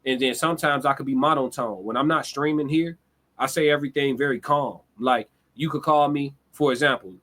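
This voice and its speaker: A man's voice: medium pitch, fairly quick, a bit bright. A man streaming a casual monologue, direct and laid-back, with slangy, conversational talk.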